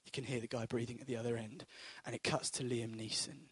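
A man's voice: mid-range voice, fairly bright tone, slightly rough, no room sound. A man preaching a sermon to a congregation in a church, earnest and storytelling, with bursts of energy.

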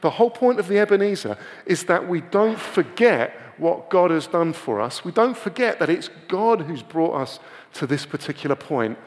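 A man delivers a sermon in a loose, conversational way, checking in with his listeners through rhetorical questions. His voice sits a little high for a man. The room carries a long, echoing tail behind him. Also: expressive, normal speed. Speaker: preacher.

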